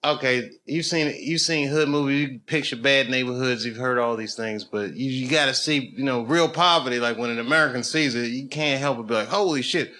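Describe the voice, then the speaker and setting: A middle-aged man doing stand-up comedy, telling a story with animated swings between low muttering and loud punchlines, at a live venue with an audience. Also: brisk, few pauses. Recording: live show with crowd noise. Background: audience laughter.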